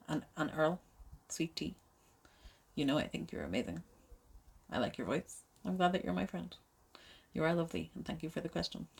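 A woman chatting casually through a listener Q&A. Her voice sits low with a gravelly fry. She is chatty and self-deprecating and laughs easily. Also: darkish tone. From Ireland. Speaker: amateur audio creator answering listener questions. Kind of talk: casual Q&A chat.

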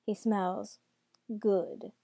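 A woman reads out a smug, sneering devil, a man, cool and mocking in his storybook scene. The voice is dark and mellow, and there is no room sound around it. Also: medium pitch, flat delivery, extremely slow, dry recording.

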